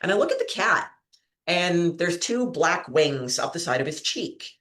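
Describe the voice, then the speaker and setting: A woman hosts a trivia show, chatting casually and telling rambling stories punctuated by frequent giggles. Her voice sits fairly low, swings widely in pitch, and has a fairly bright tone at a measured pace. The recording has a roomy echo.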